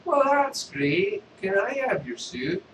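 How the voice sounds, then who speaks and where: A man's voice: high-pitched, very animated, slow pace, roomy sound, far from the mic, background noise, voice pushed up, heavily acted. A man voicing a pushy male street beggar who keeps demanding things. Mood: mocking. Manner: nagging and demanding.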